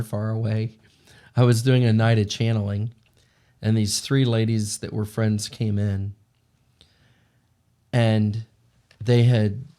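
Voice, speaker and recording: A man co-hosting a casual talk, chiming in with short remarks before telling his own story. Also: lowish voice. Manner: relaxed, chimes in with short remarks. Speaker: co-host.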